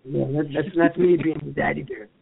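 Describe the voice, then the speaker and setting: A man's voice: on the high side, steady tone, brisk, vocal fry, crowd noise. A man in his fifties from the USA, co-hosting a casual chat, playful and chatty with easy laughs. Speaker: co-host, actor. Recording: tinny phone line.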